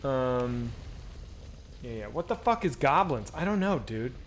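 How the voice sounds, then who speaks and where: A man's voice: mid-range voice, measured pace, a little hiss or hum. A man streaming a video game, chatting casually with viewers and swearing freely as he plays. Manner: animated, swears freely, chats back to viewers. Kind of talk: casual live-stream commentary while gaming.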